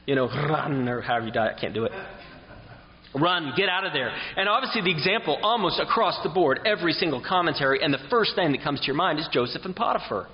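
A man's voice: on the high side, animated, quick pace, big-room sound, dull audio. A man preaching an expository sermon who reads scripture aloud and asks his listeners questions.

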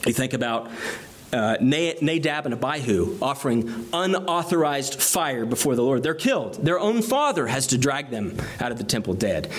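A man preaching an expository sermon, reading and explaining scripture passages earnestly. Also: mid-range voice.

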